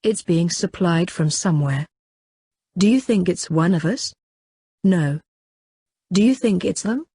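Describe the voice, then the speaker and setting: A woman reading the lines of a secretive male guardian in an audiobook, in a measured and terse way. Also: fairly low pitch, animated, mellow, slightly rough, full character voice. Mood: guarded.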